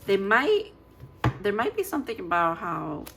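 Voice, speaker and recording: A tarot reader with a gravelly, mid-range voice and huge pitch swings gives a casual pick-a-card reading at normal speed against a noisy background. She thinks aloud chattily, restarts words while reading card text, and playfully jokes about herself.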